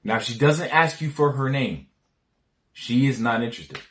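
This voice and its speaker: A man's voice: mid-range voice, normal speed, fairly bright tone. A man talking loosely through dating advice in a medium voice. He stumbles over restarts and repeated words, and leans heavily on slang and casual swearing. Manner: rambling, frequent restarts, slangy and profane; acts out dialogue lines.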